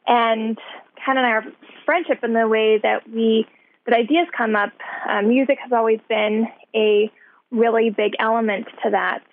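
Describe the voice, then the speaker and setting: A woman's voice: on the high side, steady tone, moderate pace. A woman co-creator of a show, interviewed over a landline, explaining thoughtfully how the idea came about. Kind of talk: phone interview. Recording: tinny landline phone call.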